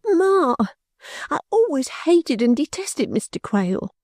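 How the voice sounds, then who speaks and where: A woman's voice: a little slow, dark tone, no room sound, studio quality. Caddy, a woman voicing a sobbing young daughter. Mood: sobbing, pleading. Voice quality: high, breathy, tearful. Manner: pleading, childlike. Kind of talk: audiobook character voice.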